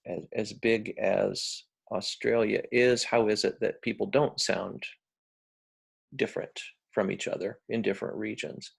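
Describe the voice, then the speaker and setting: A man who is a university English professor, giving a lecture in a measured way with frequent fillers and restarts. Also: on the low side, steady tone, gravelly, husky.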